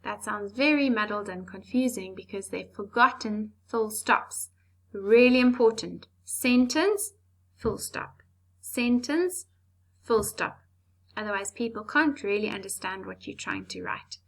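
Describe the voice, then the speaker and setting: A woman teaching an English lesson to young children, slow, clear and patient with playful asides. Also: mid-range voice. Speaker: primary school teacher.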